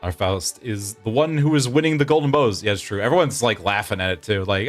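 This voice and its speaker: A man's voice: lowish voice, a little fast, faint music behind. A man in his thirties, a streamer, chatting casually with viewers while he plays a game. He rambles, often restarts his sentences and laughs a lot. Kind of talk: casual gameplay chat with viewers.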